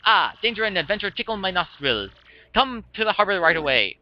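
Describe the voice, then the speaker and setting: A man's voice: high voice, sing-song, brisk, dry recording, voice pushed up. A man hamming up a pompous vain merchant. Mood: haughty. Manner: pompous, theatrical, grandiose. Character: vain flamboyant male merchant captain. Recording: dull lo-fi with music.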